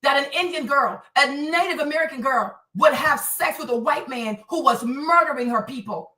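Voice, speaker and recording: A woman's voice: high voice, normal speed, bright, forceful tone, recorded from a distance. A woman hosting a heated political commentary livestream. She preaches, repeats herself and hammers rhetorical questions, stopping to thank viewers for donations. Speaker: livestream host. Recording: echoey room, voice away from mic.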